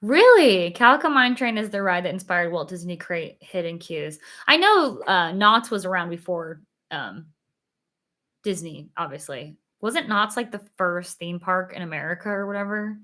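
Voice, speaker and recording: A woman's voice: lowish voice, animated, moderate pace, sharp tone. A young woman chatting casually on a livestream, reading viewer comments, giggling and filling with "like", a little tired. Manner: chatty, giggly, lots of fillers. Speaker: livestream host.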